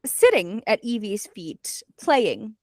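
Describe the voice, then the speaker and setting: A woman hosts a casual book club chat, recapping the plot in an animated way and slipping into the voices of the characters. Her voice sits at a middle pitch. The recording is dry and close, with no room echo. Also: slow. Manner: animated storyteller, acts out character lines; chatty with many fillers. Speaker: book club podcast host.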